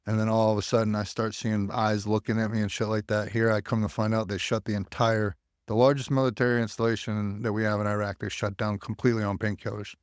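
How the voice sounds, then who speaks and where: A man's voice: lowish voice, flat delivery, quick pace, clean tone, dry recording, studio quality. A man, a veteran guest telling his story candidly and bluntly, with plenty of swearing. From United States. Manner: blunt, profane, acts out quoted voices. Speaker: podcast guest, army veteran.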